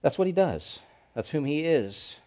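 A man's voice: fairly high pitch, very animated, a little slow. Emphatic preaching man, rising and falling. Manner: preaching with swelling emphatic repetition and dramatic drops to quiet. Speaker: pastor. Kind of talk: sermon.

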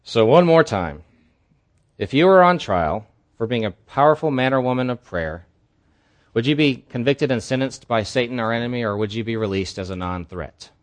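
A man's voice: medium pitch, expressive, moderate pace. A man preaching as a pastor at a church service, telling a candid personal story in an earnest way. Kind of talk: sermon.

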